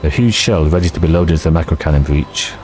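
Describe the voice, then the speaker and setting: A man's voice: a bass voice, quick pace, darkish tone, soft background music. A man hosting a game playthrough, casually reading the game's text aloud and muttering asides. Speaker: gameplay host.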